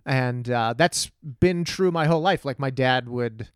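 A man's voice: mid-range voice, unhurried, clean tone, dry recording, clean studio sound. A middle-aged man from Texas, a stand-up comedian telling stories in casual conversation, blunt and profane, acting out the voices of the people he quotes. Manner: animated storyteller who acts out quoted voices, blunt and profane.

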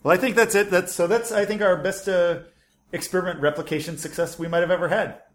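A man with a high, steady voice speaks fast while co-hosting a casual science podcast. He chats loosely, jokes around, and trails off mid-sentence.

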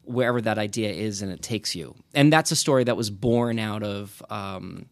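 A man's voice: lowish voice, moderate pace, noisy background. A man talking as a podcast guest, thoughtful and rambling, with many restarts. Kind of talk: casual interview conversation.

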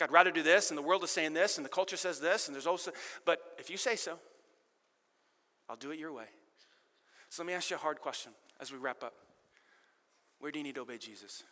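A fired-up middle-aged male pastor with a high, bright voice preaching on a stage microphone. His sermon rings through a large hall with a long reverb tail. He swings between emphatic loud lines and soft, confiding asides, and pokes fun at himself. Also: brisk, pauses often. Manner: animated, self-deprecating, shifts between loud emphasis and quiet intimacy. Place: church auditorium with live audience.

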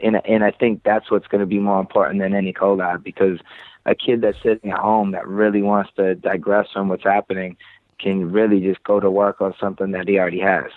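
A low-voiced man with a Boston accent, chatting loosely as a podcast guest. He rambles and swears offhandedly. The sound is tinny and phone-like, with a dry, close feel. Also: level tone, brisk, no echo. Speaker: podcast guest, creative director. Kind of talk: casual podcast chat.

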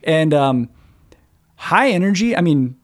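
Casting: man, slightly higher voice, chatty podcast co-host, lively rambling storyteller. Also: slow pace, no echo, studio quality. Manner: animated storyteller, lots of "like" fillers. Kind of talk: casual chat.

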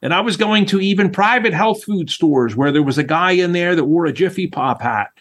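Middle-aged man, raised pitch, animated storyteller who acts out voices; interview guest. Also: a little fast. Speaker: former White House chef, guest.

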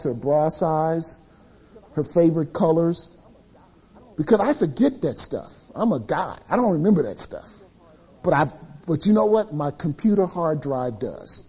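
A middle-aged man preaching to a room of men, with a fairly high voice that has a soft husky edge. His tone is mellow, and he tells stories about himself in a lively, confessional way. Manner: animated, confessional storytelling. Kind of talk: sermon to men.

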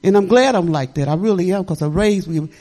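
A woman's voice: on the low side, brisk, dark tone. An older woman pastor preaching in a chatty, rambling, folksy way, often laughing as she tells stories. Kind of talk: folksy sermon storytelling.

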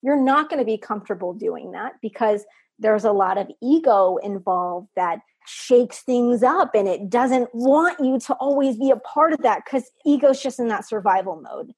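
A woman from Texas talks as a podcast guest with a slightly husky, breathy voice pitched a bit high. She speaks earnestly and reflectively, and now and then laughs at herself. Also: lively intonation, moderate pace, darkish tone. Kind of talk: heartfelt interview talk.

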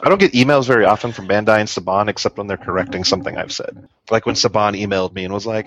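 Lower-voiced man hosting a jokey podcast. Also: fast talker, a crowd in the background. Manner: jokey, reads viewer comments aloud. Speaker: podcast host. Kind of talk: casual live podcast chat. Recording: lo-fi muffled audio.

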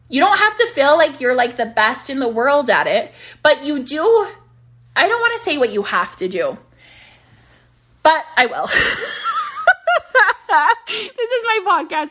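A woman's voice: high-pitched, a bit bright. A woman in her thirties hosting her own podcast from home, giving candid, casual business advice, laughing easily and often saying "like", her voice starting to wear thin. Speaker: podcast host and business coach.

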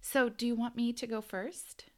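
A woman's voice: a little high, level tone, moderate pace, a little mellow. An American woman co-hosting a podcast, chatting casually and laughing often as she tells a story. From United States. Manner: giggly, storytelling. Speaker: podcast co-host. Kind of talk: casual chat.

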